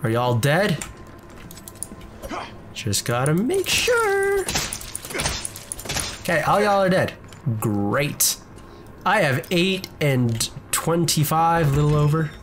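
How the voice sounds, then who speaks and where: Over music, a gaming video creator chats through a casual let's-play from his home desk, jumpy and talking to the enemies he faces. His fairly high voice is animated but slow.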